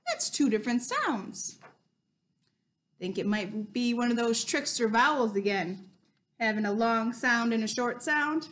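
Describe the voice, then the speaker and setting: Story time host: young Midwestern woman, high and unhurried, gentle and encouraging with little kids, faint hiss behind. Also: animated. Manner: bright, singsong and encouraging, speaks to small children. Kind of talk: online children's story time.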